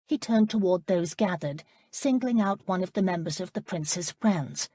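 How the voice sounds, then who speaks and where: Husky low-voiced woman narrator. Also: moderate pace, few pauses, warm tone, no room sound, studio quality. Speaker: audiobook narrator. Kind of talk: scripted narration.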